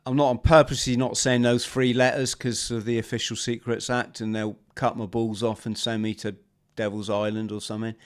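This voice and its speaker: A man, a former marine guest on a podcast, telling a lively story and acting out the shouts, talking over a video call. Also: medium pitch, brisk, clear, resonant tone. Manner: animated storyteller, acts out shouted quotes. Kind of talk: storytelling interview.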